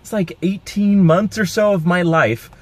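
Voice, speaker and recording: A man's voice: high voice, measured pace, no echo. Upbeat, rambling man vlogging outdoors. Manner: chatty, rambling and upbeat, laughing often. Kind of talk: casual vlog chat. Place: outdoors on a city street in the rain.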